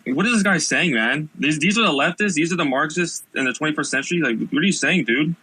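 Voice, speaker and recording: A man's voice: a little high, quick pace, bright, forceful tone, slightly rough, dry recording, low-quality recording. A man hosting a casual debate, exasperated and mocking, swearing often. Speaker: host.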